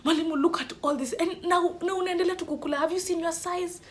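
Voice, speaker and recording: A woman voicing a stern middle-aged female school deputy who scolds a student briskly. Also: very high voice, steady tone, voice pushed up. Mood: scolding.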